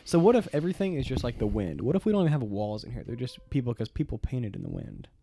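Lively young man teasing his co-host. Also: medium pitch, fast, a little hiss or hum. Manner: playful, teasing, laughs often. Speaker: podcast co-host. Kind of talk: casual comedic banter.

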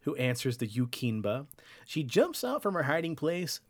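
A man hosting a podcast who tells spooky folklore with a lively, swinging voice. He keeps it playful and teases his co-host, in an average register. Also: mid-range voice, moderate pace. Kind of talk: casual folklore storytelling.

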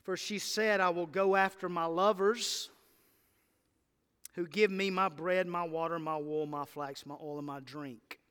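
A man preaching a sermon to his church, impassioned and building to loud emphatic lists. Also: high voice, steady tone, unhurried, clear, resonant tone. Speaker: pastor. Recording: church hall reverb.

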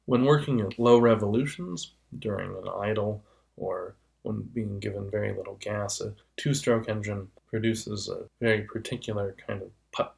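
A man's voice: lowish voice, steady tone, normal speed, vocal fry, darkish tone. A man giving a casual, patient explanation of how engines and voices make sound. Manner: patient, illustrates with vocal demonstrations.

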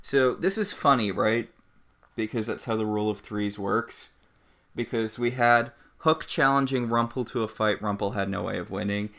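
A man's voice: on the low side, fairly bright tone. A man co-hosting a podcast, recapping a TV episode in casual chat, with dry, wry commentary. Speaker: podcast co-host.

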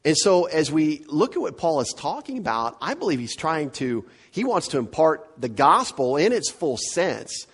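A male pastor preaching a verse-by-verse sermon, animated and emphatic, often repeating words to drive a point home. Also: medium pitch.

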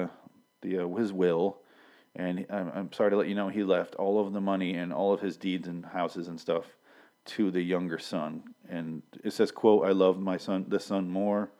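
Man with a very deep voice, casual profane episode recap, rambling with dry asides. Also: dark tone. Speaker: show reviewer.

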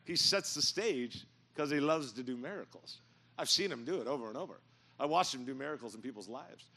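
A middle-aged man preaching a sermon in a church, telling stories and building to loud, emphatic points. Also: mid-range voice, animated, fairly quick. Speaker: pastor. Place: church sanctuary.

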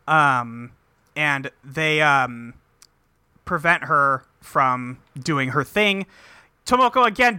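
A man casually recapping an episode with a co-host, swearing freely and acting out the characters in quick quotes. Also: on the high side, pushed and bright, clear, resonant tone, no room sound, studio quality. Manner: loose, profane, acts out characters in quick quotes. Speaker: podcast co-host recapping an anime. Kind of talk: casual chat.

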